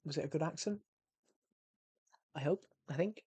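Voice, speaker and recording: A man's voice: fairly high pitch, normal speed, dark tone, husky, dry recording. A man chatting casually on a game livestream in a rambling, self-correcting way. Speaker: game streamer.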